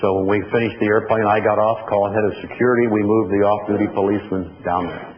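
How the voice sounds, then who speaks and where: Male motivational speaker, lowish voice, folksy storyteller; dull lo-fi recording in an echoey hall with faint noise. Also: fairly even intonation, fast talker. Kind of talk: storytelling keynote speech.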